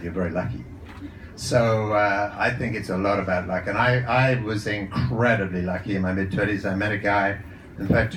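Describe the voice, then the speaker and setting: Speaking to a live audience in an event room, a man who is a psychologist and coach tells anecdotes in a chatty manner, often restarting his sentences. His voice is lowish and a bit bright, picked up from a distance on a handheld or lapel mic, with echo, slight background noise and poor audio.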